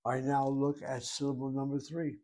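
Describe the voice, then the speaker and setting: A man of middle pitch gives a Hebrew grammar lesson. He works patiently through each syllable and spelling, reasoning aloud like a teacher at a whiteboard. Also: little pitch movement, normal speed, warm tone. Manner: methodical, talks through each step aloud. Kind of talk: grammar lecture.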